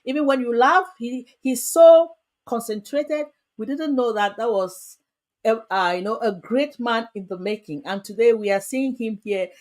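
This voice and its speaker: Lively woman host addressing viewers. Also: a little high, normal speed. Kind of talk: livestream chat.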